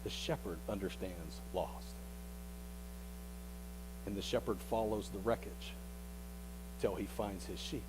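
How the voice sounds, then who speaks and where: A male pastor preaching a sermon as a vivid story, often repeating words and dropping into hushed tones. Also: on the low side, slow, long pauses, noisy background.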